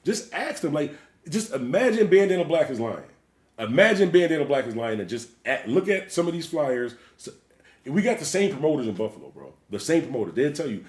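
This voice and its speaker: A man's voice: fairly high pitch, big pitch swings, a little fast. A man who is a DJ, hosting a livestream and ranting bluntly with plenty of profanity. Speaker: DJ and livestream host. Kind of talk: livestream rant. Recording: roomy echo.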